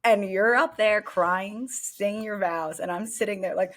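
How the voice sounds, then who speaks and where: A woman co-hosting a podcast, telling a story in a casual, animated way, full of fillers and swearing. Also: mid-range voice, unhurried. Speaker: podcast co-host.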